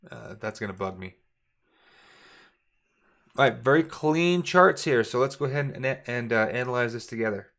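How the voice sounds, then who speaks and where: A man at a middle pitch leads a casual chart walkthrough for his viewers. He thinks aloud, corrects himself mid-sentence and speaks to the audience directly in a relaxed coaching tone. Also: normal speed, long pauses. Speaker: forex trading coach.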